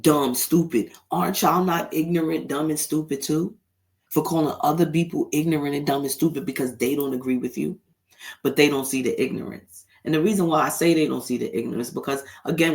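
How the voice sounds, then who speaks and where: Heated man ranting, gravelly voice. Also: medium pitch. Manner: heated, blunt, swears freely. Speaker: podcast host. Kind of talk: opinionated solo commentary.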